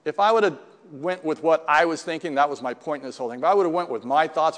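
A man's voice: on the high side, quick pace, few pauses, long reverb tail. An older man speaking at a recovery meeting, telling his personal story in a conversational way and often checking in with the listeners. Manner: conversational storytelling, frequent "right?" asides. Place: meeting room.

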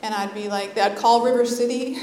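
A woman's voice: fairly high pitch, steady tone, moderate pace, darkish tone, slight background noise. Nervous American woman in an echoey hall. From Napa, California. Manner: nervous, candid and heartfelt. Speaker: invited speaker at a recovery meeting. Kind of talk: personal testimony to an audience. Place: meeting hall, indoors. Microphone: microphone on a stand.

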